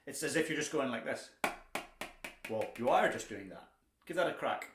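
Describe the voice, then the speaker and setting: A young man gives a drumming lesson in a chatty, encouraging way and throws in the odd dad joke. His voice sits at an ordinary pitch. The room is echoey, with clear background noise and stick clicks behind him. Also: lively intonation, moderate pace. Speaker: drumming teacher. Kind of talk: instructional lesson.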